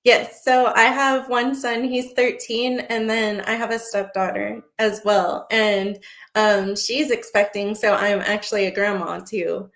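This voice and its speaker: A woman in her twenties, a guest in a casual interview, lively and quick to laugh. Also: mid-range voice. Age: 20s. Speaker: podcast guest.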